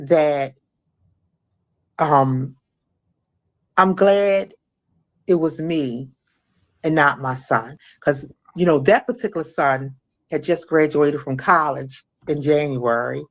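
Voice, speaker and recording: A middle-aged woman from Maryland recounting a personal ordeal as an interview guest, halting with many restarts and fillers. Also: deep voice, expressive. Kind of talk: emotional personal testimony.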